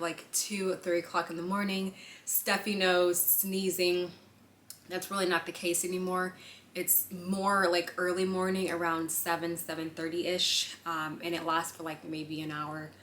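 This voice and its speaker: A young woman chatting casually in a pregnancy update vlog, with lots of fillers and quick asides and a slightly breathless delivery. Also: lowish voice, bright, forceful tone, slight background noise. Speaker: vlogger. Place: indoors on a lunch break.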